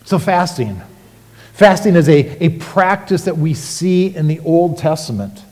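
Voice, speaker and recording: A man preaching a sermon as pastor, animated and rhetorical, with sudden emphatic rises. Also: a little high, a little slow, big-room sound.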